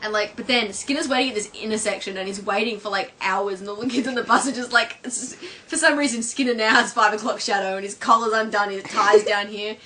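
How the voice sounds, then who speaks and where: A young woman chats casually to a camera her sister holds, giggling and stringing her thoughts together with lots of fillers. Her voice is bright and clear, with a faint hiss of noise behind it. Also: mid-range voice, steady tone, fast talker, few pauses. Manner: chatty, giggly, full of fillers. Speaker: vlogger. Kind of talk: casual chat, retelling favourite scenes. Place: at home, with her sister filming.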